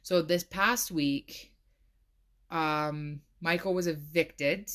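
A woman's voice: sits low, fairly even intonation, very slow, fairly bright tone. A woman hosting a casual solo podcast, chatty and full of "like," laughing now and then. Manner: chatty, says "like" a lot, laughs often. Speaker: podcast host.

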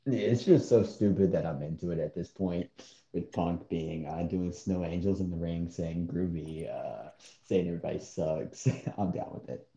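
A man's voice: low-pitched, normal speed, vocal fry, mellow. A man co-hosting a casual podcast chat, blunt and dismissive, often laughing at what he describes. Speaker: co-host. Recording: echoey dull-sounding room.

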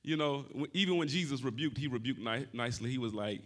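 A man preaching a sermon, calling out to the congregation and shifting between loud shouting and soft, conversational talk. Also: medium pitch, animated, fairly quick. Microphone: wearing a mic.

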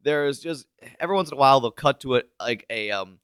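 A man co-hosting a podcast in casual chat, animated, laughing often and restarting his sentences. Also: mid-range voice, fast talker, smooth, no room sound, studio quality. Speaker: podcast co-host.

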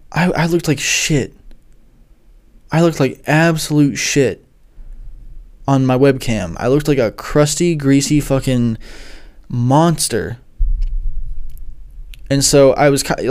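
A man's voice: medium pitch, a little mellow. A young man, a music producer who gives lessons online, tells a rambling, swear-heavy story full of fillers. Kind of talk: casual storytelling monologue.

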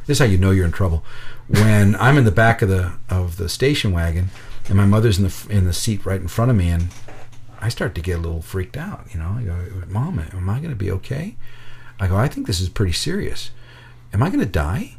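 A man telling a personal story in casual conversation, lively and animated, acting out the voices of the people in it, with frequent restarts. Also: on the low side, a little hiss or hum.

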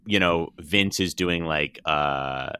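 A man's voice: extremely low pitch, slow, bright, forceful tone, clear, resonant tone, dry recording, studio quality. A man leading a casual podcast chat, recapping the lists and calling on the others. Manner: leads the segment, recaps and asks the others in turn. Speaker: podcast co-host.

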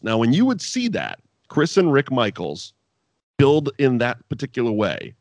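Casting note: over-caffeinated male podcast co-host, exasperated and sweary, bursts up high when annoyed, dry close sound. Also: huge pitch swings, a little slow, no room sound. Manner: exasperated, sweary, ranting with sudden high outbursts. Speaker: podcast co-host reviewing wrestling. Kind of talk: casual profane rant.

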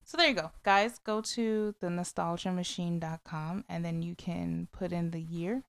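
A woman's voice: on the low side, steady tone, normal speed, creaky, smooth, no room sound. A woman co-hosting a podcast in casual chat, blunt and chatty, breaking into sung song snippets. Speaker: podcast co-host.

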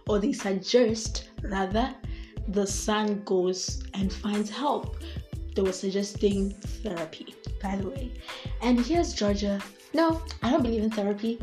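A woman's voice: mid-range voice, a little mellow. A woman hosting a podcast in a casual commentary monologue, emphatic and repeating her points while talking straight to her listeners. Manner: emphatic, repeats herself, addresses listeners as guys. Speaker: podcast host.

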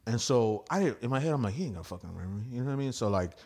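A man at an ordinary male pitch, telling stand-up stories as a guest on a podcast. He swears freely and throws in "bro" and "dude" all the time. When he quotes other people, he acts out their voices in a lively way. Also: racing. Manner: profane and slangy, peppered with "bro" and "dude". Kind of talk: casual storytelling.

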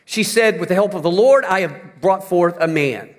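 A male pastor preaching a sermon dramatically, slowing down and dropping low for emphasis, then rising to near shouts. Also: lively intonation, big-room sound.

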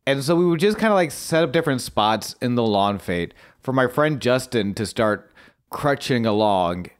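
A man co-hosting a wrestling podcast, chatting casually and recapping a match as an animated storyteller who swears freely. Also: medium pitch, moderate pace, clear, resonant tone. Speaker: podcast co-host.

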